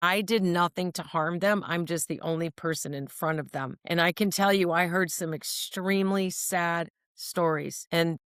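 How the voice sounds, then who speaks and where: A woman's voice: on the low side, fairly even intonation, normal speed, few pauses, fairly bright tone, no room sound, studio quality. A woman speaking on mental health, telling personal stories in an earnest, emphatic way and often checking in with her listener. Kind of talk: personal storytelling monologue.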